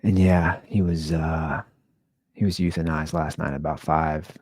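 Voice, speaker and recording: A man's voice: a bass voice, little pitch movement, measured pace, darkish tone, dry recording. A man hosting his own show, talking in a somber, rambling, conversational monologue. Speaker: podcast host. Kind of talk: casual solo monologue.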